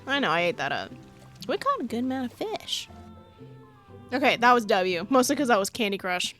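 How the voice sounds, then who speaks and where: A young adult woman streaming a game in casual let's-play commentary, reading the on-screen text aloud, playful and excitable, laughing and yelling at the game. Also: a little high, normal speed, soft background music. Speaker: gaming streamer.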